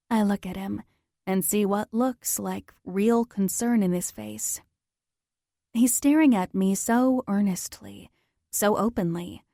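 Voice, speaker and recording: Slow, intimate female romance narrator. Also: mid-range voice, mellow, dry recording, studio quality. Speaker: audiobook narrator. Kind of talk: first-person romance narration.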